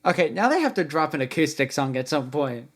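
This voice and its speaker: A man's voice: on the high side, very animated, a little fast. A man hosting an album reaction, casually musing aloud about the guitar parts and lyrics he hears. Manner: musing, comments on guitar parts between songs.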